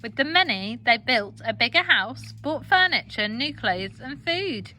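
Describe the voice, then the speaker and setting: An English woman teacher reading a children's storybook aloud with expressive, animated delivery. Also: a little high, measured pace, slight background noise.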